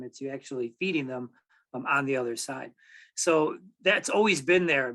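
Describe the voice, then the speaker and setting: A man in his forties from Michigan shares a personal story with a community audience. His voice sits slightly higher than most men's. He talks in a loose, conversational way, often stopping to find the next word. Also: rough recording. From Michigan, USA. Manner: relaxed, halting, many fillers and restarts. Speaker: tribal archives director, speaker.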